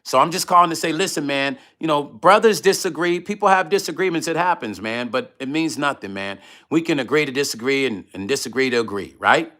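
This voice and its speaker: A man casually telling a personal story on his vlog, animated and profane, acting out both sides of phone calls. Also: on the high side, brisk, hardly any pauses. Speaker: musician vlogger.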